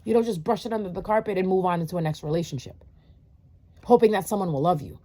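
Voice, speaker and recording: Her voice is lowish and mellow, and she talks quickly. She's a tarot reader lecturing her viewers in a casual monologue, cursing openly and peppering her bluntness with rhetorical questions and filler words.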